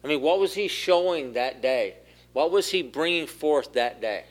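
A man giving a sermon as pastor, asking the congregation questions and growing louder at the key points. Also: on the high side, lively intonation, moderate pace. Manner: asks the room questions, rises in force for key points. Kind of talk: interactive sermon.

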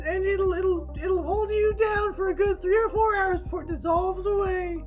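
A man voicing a shrill female-sounding pitchwoman in a mock commercial, with a hard-sell falsetto delivery. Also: steady tone, normal speed, soft background music. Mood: salesy.

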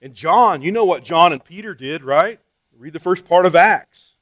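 Higher-voiced man preaching a conversational sermon. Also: expressive, moderate pace, no echo, poor audio. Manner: conversational preaching, rhetorical questions, repeated words; swings between soft asides and loud emphasis. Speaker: pastor.

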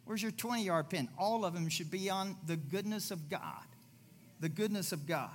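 A man preaching a conversational sermon as pastor, repeating his phrases and moving between loud declarations and soft, low asides. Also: normal speed, slight background noise.

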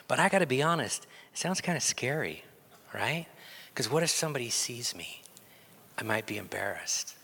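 Animated male pastor in a reverberant hall. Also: mid-range voice, fairly quick. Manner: animated, joking, leads call-and-response with the congregation. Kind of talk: sermon. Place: church sanctuary.

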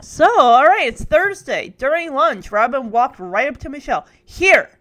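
A woman's voice: high-pitched, sing-song, moderate pace, a bit bright. A woman reading a children's book aloud, adding chatty, playful comments. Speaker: reader.

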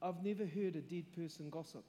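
A man preaching a sermon and telling a testimony, moving from quiet storytelling to loud, shouted preaching. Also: fairly high pitch, fairly quick, slight background noise. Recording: long hall reverb.

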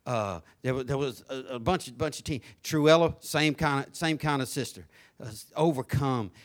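A male pastor preaching a sermon in church, swinging from soft asides to shouted praise. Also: medium pitch, moderate pace. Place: church sanctuary.

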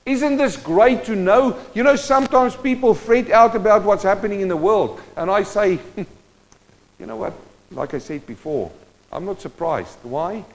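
A male preacher giving a sermon, moving between quiet teaching and loud, impassioned exhortation and speaking straight to his listeners. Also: sits high. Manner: addresses the congregation directly. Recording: dull sound with long hall reverb.

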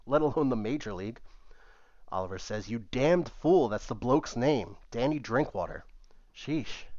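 Man narrating a comic sketch, muffled and dry. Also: no echo. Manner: narrates and voices several characters, shifting pitch for each. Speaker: comedic storyteller. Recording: dull, muffled dry recording.

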